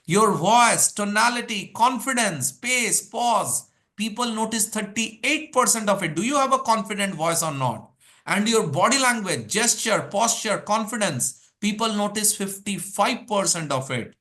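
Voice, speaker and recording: High, bright-voiced coach. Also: male voice, measured pace. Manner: energetic, drills points with rhetorical questions and lists. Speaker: English speaking coach. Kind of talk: live workshop teaching.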